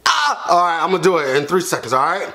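An animated man talks casually to his viewers from home, calling them y'all and yelping as a mask pulls at his skin. His voice sits high and bright and swings widely in pitch. The tone stays loose and chatty between groans. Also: fast. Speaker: vlogger. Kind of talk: casual chat to camera.

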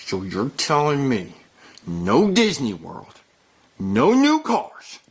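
A man voicing a whiny, greedy young boy in a puppet comedy, whining and yelling. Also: medium pitch, wildly swooping pitch, slow, exaggerated voice. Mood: outraged.

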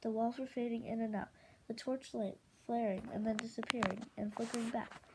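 A woman reading a novel aloud in a steady, expressive way. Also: fairly high pitch, fairly quick, background noise. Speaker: audiobook reader.

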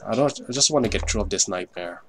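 A man's voice: lowish voice, expressive, fast talker, background noise. A man giving live gameplay commentary, swearing often in frustrated outbursts over keyboard clicks. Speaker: gamer.

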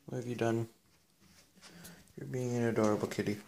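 A man's voice: medium pitch, little pitch movement, moderate pace, gravelly, darkish tone, slight background noise. A man at home, filming and talking playfully to his kitten in a doting way. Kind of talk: casual talk to a pet. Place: at home, indoors.

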